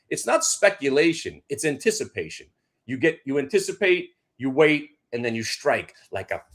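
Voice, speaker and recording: A man's voice: medium pitch, a bit bright. A man recapping trades in a brash, punchy way, trash-talking short sellers. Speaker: day trader. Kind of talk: hyped trading recap.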